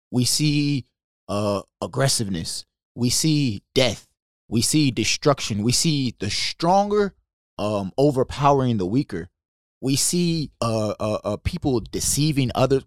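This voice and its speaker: A young adult man co-hosting a faith podcast, animated and preachy, calling his partner "bro" again and again. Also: medium pitch, dry recording, studio quality. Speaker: podcast co-host. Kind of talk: passionate faith discussion.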